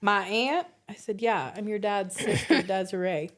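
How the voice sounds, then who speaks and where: A woman co-hosting a relaxed podcast, spinning animated family stories and breaking into laughter as she goes. She swears freely and talks at an ordinary, mid-pitched level. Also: moderate pace. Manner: swears casually. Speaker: podcast co-host. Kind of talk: casual storytelling chat.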